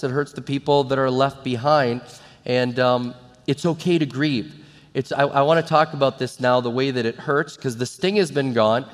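A man preaching a sermon as pastor, earnest and conversational, with emphatic rises in his voice. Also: mid-range voice. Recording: long hall reverb.

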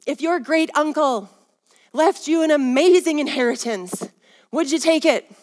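A woman's voice: high-pitched, measured pace, darkish tone. A woman teaching a Bible lesson as a sermon, rousing and urging her listeners to respond. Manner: rousing, calls for audience response. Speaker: women's Bible study teacher. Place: Minnesota. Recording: long hall reverb.

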